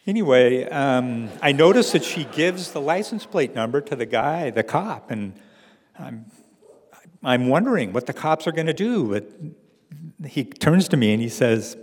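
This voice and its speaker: A man's voice: medium pitch, animated, a little slow, in a large hall. A man telling a personal story to an audience with wry, dry humor.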